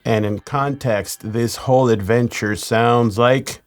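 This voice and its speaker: A man working as a mix engineer, walking through a studio mixing tutorial in a relaxed, explanatory way. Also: medium pitch, slow, soft background music. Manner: relaxed, explanatory, chuckles now and then.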